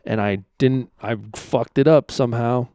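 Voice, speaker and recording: A man's voice: medium pitch, fairly even intonation, normal speed, mellow, clear, resonant tone, dry recording, studio quality. A man hosting his own podcast, talking casually and rambling, often swearing as he vents. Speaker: podcast host.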